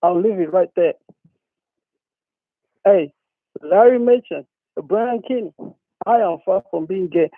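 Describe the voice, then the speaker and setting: Speaking slowly with long pauses, a high-pitched man calls in to a talk show to vent. His rant is worked-up, repetitive, and profane, heard over a tinny phone line in a dry recording.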